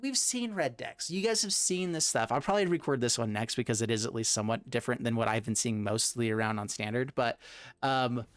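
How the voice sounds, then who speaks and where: A man hosting a gaming video, talking casually in a rambling, animated way with lots of restarts and fillers. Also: mid-range voice, brisk, no room sound. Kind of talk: casual gameplay commentary.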